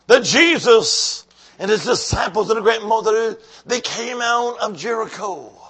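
Male preacher, high bright voice, slow rhythmic sermon with call-outs to the congregation. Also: husky. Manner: rhythmic, repeating phrases, calls to the congregation.

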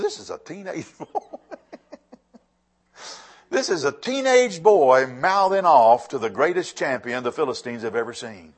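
A man preaching a sermon as pastor, swinging between loud emphatic lines and hushed, quiet ones. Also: a little high, lively intonation, unhurried, long pauses.

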